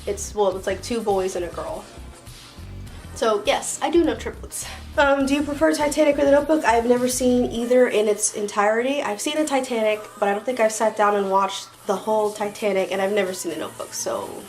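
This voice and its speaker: A woman's voice: on the high side, brisk, a little mellow, soft background music, low-quality recording. A young woman with a Floridian American accent, chatting casually through a tag video with lots of "like" and "um". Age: young adult. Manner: chatty and rambling, many "like" and "um" fillers. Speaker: vlogger.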